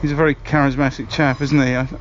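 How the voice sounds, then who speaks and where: A man's voice: mid-range voice, little pitch movement, fast, lo-fi sound, slight background noise, natural voice. An actor playing a chatty, fumbling man leaving a voicemail in a comedy sketch, hesitant and full of ums. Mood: awkward chummy.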